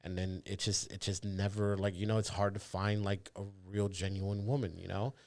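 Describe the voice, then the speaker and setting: A man with a low voice, recorded close and dry, talking freely as a podcast guest. He is vulgar and animated and slips into voices whenever a story calls for it. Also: moderate pace, no echo. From Miami area, Dominican parents. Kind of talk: casual podcast chat.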